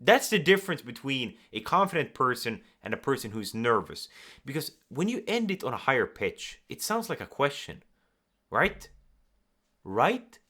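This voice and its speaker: Man, communication coach, animated delivery, wide-ranging pitch, bright tone. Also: moderate pace. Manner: animated, acts out nervous and calm examples. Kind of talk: direct-to-camera coaching talk.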